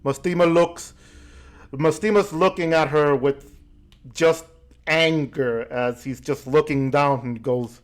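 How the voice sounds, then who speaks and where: A man running a tabletop fantasy game as game master, narrating scenes and speaking for the characters in a relaxed storytelling way. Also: fairly high pitch. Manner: relaxed storytelling with quick asides and restarts.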